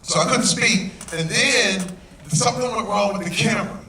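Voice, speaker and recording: Animated man in an echoey hall. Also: high voice, normal speed, a little hiss or hum. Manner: lively, acts out quotes, laughs often. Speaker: guest actor at a premiere Q&A. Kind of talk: animated storytelling in a Q&A. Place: large cinema hall with audience. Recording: echoey hall recorded from far off. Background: loud audience crowd.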